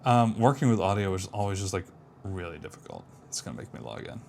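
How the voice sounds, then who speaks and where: A man's voice: low voice, big pitch swings, fast, creaky, a little mellow, slight background noise. A man casually thinking aloud while building an app, muttering to himself, trailing off and making self-deprecating remarks. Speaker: app developer streaming a live build.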